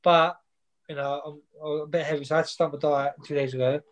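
A man's voice: fairly high pitch, little pitch movement, fast, low-quality recording. Chatty young man. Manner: chatty, rambling, many fillers and repeats. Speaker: boxer guest. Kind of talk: casual chat.

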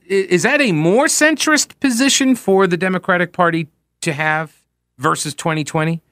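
A man's voice: high voice, sharp tone, no room sound, studio quality. A man hosting a talk radio show, giving opinionated political commentary in a sarcastic tone, full of rhetorical questions.

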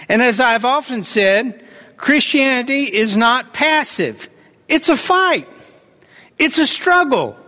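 High-voiced man preaching in a reverberant hall. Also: a bit bright. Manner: emphatic, exhorting preacher, repeats declarations. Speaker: pastor. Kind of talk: sermon.

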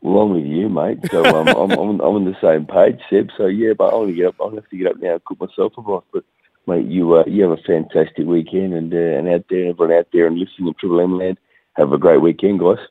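Australian man on a tinny phone line, very deep voice, laid-back fitness chat. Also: steady tone, fast, husky, dry recording. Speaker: fitness guest.

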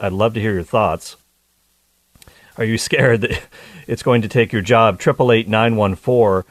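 A man with a lowish voice hosts a call-in radio talk show, chatting and joking with his listeners in an upbeat way. The recording has no room sound.

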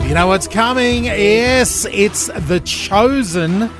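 A man's voice: high-pitched, over loud music. A man hosting breakfast radio, chatty and joking with his co-host. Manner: chatty, joking, quick to laugh. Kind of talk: upbeat radio banter. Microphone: studio microphone.

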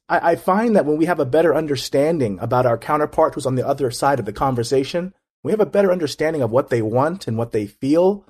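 A man's voice: mid-range voice, darkish tone, slightly rough. A man as an interview guest, talking in an earnest, reflective way with frequent restarts. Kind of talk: casual conversation.

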